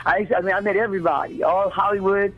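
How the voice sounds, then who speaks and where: A woman in her sixties from Chicago, telling stories as an interview guest in an animated, chatty way and often repeating words as she starts a sentence. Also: mid-range voice, fast. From South Side Chicago. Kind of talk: casual storytelling. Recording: phone-like narrow sound.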